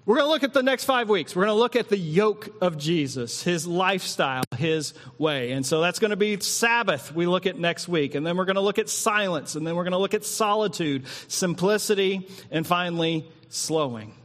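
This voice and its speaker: Male pastor, fairly high voice, slow prayerful sermon delivery, long church reverb, music under. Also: animated, fairly bright tone. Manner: slow, drawn-out reading and prayer with long pauses. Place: church hall.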